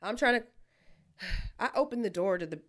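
Animated profane young woman storyteller. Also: medium pitch, moderate pace. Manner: animated, profane, acts out quotes. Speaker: podcast co-host. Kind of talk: casual storytelling chat.

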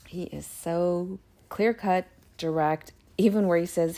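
A woman with a low, mellow voice reads scripture aloud in a relaxed, chatty way. Between passages she muses aloud and slips into quiet whispered asides. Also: normal speed. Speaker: Bible reading podcaster. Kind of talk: casual Bible reading and commentary.

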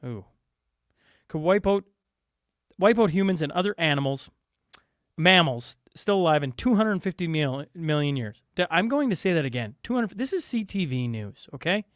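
A high-pitched man co-hosting a podcast, ranting with exasperation and stumbling over his words. His pitch swings widely as he talks. The sound is close and dry, with no room in it. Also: animated, normal speed, no echo. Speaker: podcast co-host. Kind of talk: casual podcast chat.

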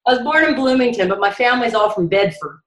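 A woman's voice: a little high, animated, quick pace. A middle-aged woman from Florida, a podcast guest who talks chattily and laughs often as she reminisces. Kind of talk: conversational interview. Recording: roomy, echoey recording.

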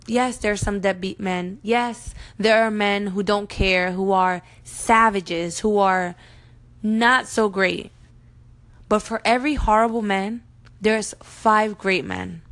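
A woman's voice: medium pitch, fairly even intonation, a little slow, a bit bright. A woman in her thirties telling her own birth story to her viewers, emotional and earnest, speaking to them directly. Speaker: mom vlogger. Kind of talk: personal storytelling to camera.

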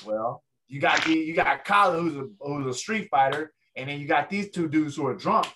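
A man's voice: on the high side, normal speed, background noise. A man, a ring announcer, telling a story in a casual interview and acting out the people in it. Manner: animated storyteller, acts out other people's voices.

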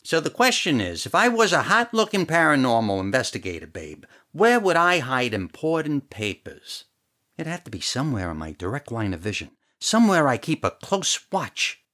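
A man's voice: medium pitch, huge pitch swings, moderate pace, bright, forceful tone. An actor playing a cocky young male investigator, wry and self-mocking as he thinks aloud in a game. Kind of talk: musing inner monologue.

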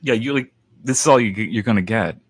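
A man's voice: fairly low pitch, brisk, husky, dry recording. A man chatting casually on a gaming panel, rambling and sarcastic with a mock-grumpy edge. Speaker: podcast panelist. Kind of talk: casual chat.

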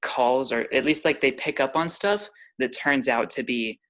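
An excitable player in a tabletop role-playing game. The talk rambles, with lots of fillers, between in-character and out-of-character remarks. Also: mid-range voice, moderate pace. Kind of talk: casual tabletop role-play.

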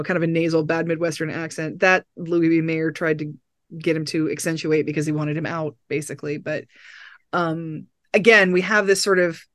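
Rambling, excited podcast film reviewer. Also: medium pitch, no room sound, clean studio sound. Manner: rambling and enthusiastic, with many restarts. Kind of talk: casual film discussion.

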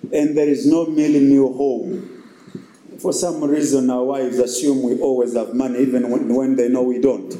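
A man's voice: medium pitch, dark tone, roomy sound, a little hiss or hum, rough recording. A man preaching a sermon, emphatic and repetitive, with rhetorical questions.

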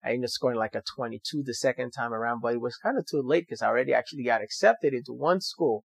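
A man's voice: mid-range voice, fast, creaky, breathy edge, no room sound. A young man earnestly telling a personal story to viewers, with motivational emphasis. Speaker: doctor sharing his story.

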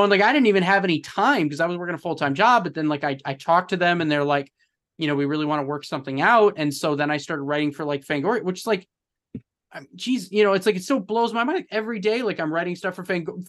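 Earnest rambling man, slightly high voice. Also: a bit bright. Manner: rambling, full of fillers and restarts; emotional and earnest. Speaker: podcast guest, film journalist. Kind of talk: candid interview storytelling.

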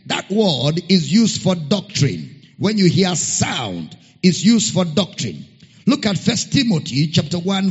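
A man preaching a sermon, reading scripture slowly and emphatically and repeating key phrases. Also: sits high, slightly rough. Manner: spells out a Greek word letter by letter. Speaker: pastor. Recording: muffled sound with long hall reverb.

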